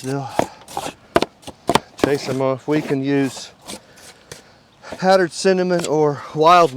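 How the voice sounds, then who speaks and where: A man with a chest cold, out of breath, chatting slowly to himself as he works outdoors at his beehives. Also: fairly high pitch, noisy background. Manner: slow, chatty, talks to himself while working. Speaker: beekeeper. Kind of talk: outdoor how-to vlog. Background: buzzing bees.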